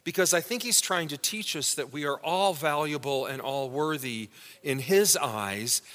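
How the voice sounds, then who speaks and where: A male pastor with a bright, ringing voice pitched a little high, preaching to his congregation in a relaxed, conversational way. He stops to quiz the pews with quick questions. His voice carries through a church sanctuary with a long echo. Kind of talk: sermon with Bible word study.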